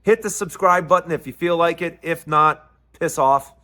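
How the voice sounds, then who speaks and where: A man's voice: on the high side, normal speed, pushed and bright. A man hosting his own show in an angry, sarcastic political rant, sometimes mocking others in put-on voices. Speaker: host.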